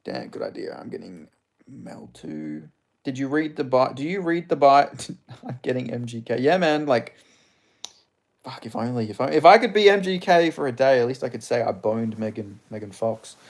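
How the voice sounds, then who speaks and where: A man's voice: medium pitch, moderate pace. Young Australian male streamer, crude and rambling, casual chat delivery, mid-range voice. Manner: crude, joking, rambling, reads chat questions aloud. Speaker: livestream host reading chat.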